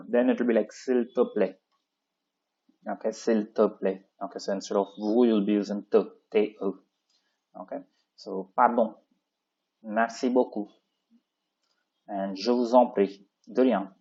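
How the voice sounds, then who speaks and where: A man walks through a French textbook lesson, starting nearly every sentence with "okay, so" before reading out French phrases. His voice sits fairly low. The recording is dull and lo-fi. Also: warm tone. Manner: explains in English, reads French aloud, many "okay, so" fillers. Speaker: French teacher. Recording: dull lo-fi sound.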